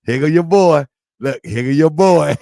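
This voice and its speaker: A man's voice: fairly high pitch, moderate pace, creaky, warm tone, no echo, clean studio sound. A man hosting his online show, talking in a rambling, repetitive way with lots of slang. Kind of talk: casual livestream talk.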